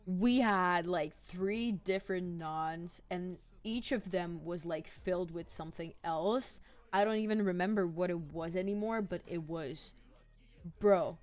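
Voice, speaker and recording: A woman streamer chatting casually and rambling as she reads chat messages aloud. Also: on the low side.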